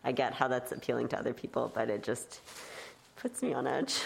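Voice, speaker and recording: A woman guest in a casual interview, relaxed, laughing easily, a little unsure. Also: very deep voice, fairly quick, vocal fry, slight background noise.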